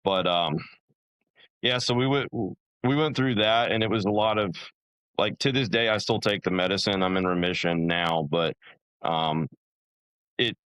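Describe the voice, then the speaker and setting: A man's voice: lowish voice, a bit bright, dry recording, low-quality recording. A young man, a podcast guest, telling his story in a casual, rambling way, full of fillers and restarts.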